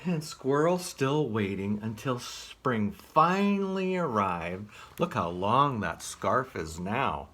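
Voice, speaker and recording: A man reading a picture book aloud as a children's librarian, gently asking the listener questions. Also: medium pitch, big pitch swings, slow pace, few pauses.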